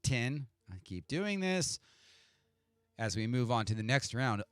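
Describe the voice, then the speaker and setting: A man's voice: medium pitch, animated, unhurried, fairly bright tone, smooth, no echo, studio quality. Chatty man hosting an online pub quiz. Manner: chatty, self-mocking, talks to himself. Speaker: quiz host. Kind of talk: casual live-stream chat. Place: home setup for an online stream. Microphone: desk mic with adjustable EQ.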